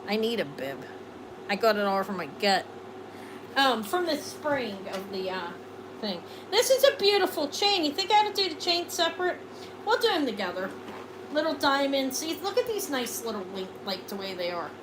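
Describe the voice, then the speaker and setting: A woman runs a live jewelry sale, talking in a loose, rambling way that keeps breaking off and starting again. Her voice sits a little on the high side, with a faint hum of noise behind it. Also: sing-song, moderate pace. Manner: chatty, rambling, trails off and restarts. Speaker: online jewelry seller.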